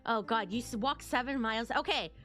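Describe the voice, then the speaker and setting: A young adult woman streaming a video game, chatting excitedly to her viewers, often repeating herself and singing silly snippets. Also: on the high side, brisk, faint music behind. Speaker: VTuber streamer. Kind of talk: casual gaming stream chat.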